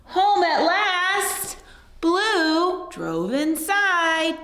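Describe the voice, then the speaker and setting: A woman reads a picture book to little children in a high, sing-song voice that swoops up and down. She takes her time, drops now and then to a soft whisper, and the room around her rings with echo. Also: sing-song, drawn-out words. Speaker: storyteller teaching baby signs. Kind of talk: read-aloud for young children.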